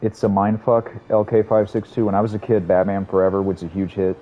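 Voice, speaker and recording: Low-voiced profane gaming streamer. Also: male voice, flat delivery, brisk, highs cut off. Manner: profane, rambling, self-mocking. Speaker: streamer playing a game. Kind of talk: casual gameplay chat.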